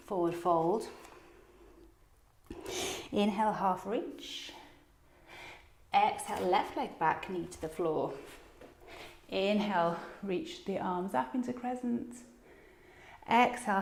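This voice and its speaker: A woman teaching a yoga class, calmly and encouragingly cueing each breath and movement, at times slightly out of breath. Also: mid-range voice, creaky, a little hiss or hum. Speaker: yoga instructor. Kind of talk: guided yoga class instruction. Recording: echoey room.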